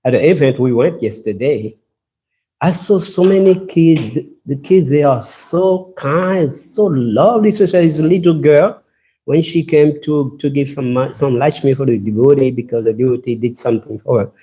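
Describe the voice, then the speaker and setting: A man with a French accent giving a scripture class in halting English, often repeating words and searching for phrases. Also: medium pitch, mellow. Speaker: class speaker.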